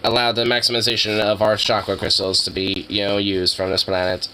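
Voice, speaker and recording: A man voicing a scheming alien overlord in a flat, robotic monotone. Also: on the low side, a little hiss or hum, rough recording. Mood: deadpan scheming. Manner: flat, deadpan, unhurried.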